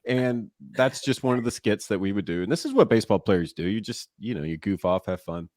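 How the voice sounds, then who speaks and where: A man's voice: lowish voice, fairly quick, dry recording, studio quality. A man in his forties, a former ballplayer and guest, telling stories in a casual interview and laughing often. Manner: animated, laughs often mid-story. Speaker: guest, former baseball player and broadcaster.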